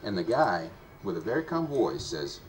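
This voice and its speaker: An actor playing a chatty male book seller telling an anecdote, animated and acting out the quotes. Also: sits low, normal speed, a little hiss or hum. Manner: animated storyteller, acts out quotes, laughs. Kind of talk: film monologue, casual storytelling.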